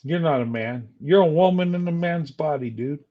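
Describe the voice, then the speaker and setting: A man's voice: fairly high pitch, moderate pace, narrow, tinny audio. An older man streaming a heated, insulting rant at a rival. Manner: angry, insulting, taunting.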